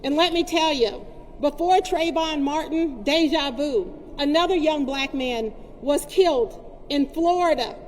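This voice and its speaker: A woman speaks at a protest rally with an impassioned, storytelling delivery. Her voice sits high for a woman. The sound carries a long reverb tail with faint background ambience. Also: a little slow, a little hiss or hum. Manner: impassioned, storytelling address to a crowd. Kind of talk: protest speech.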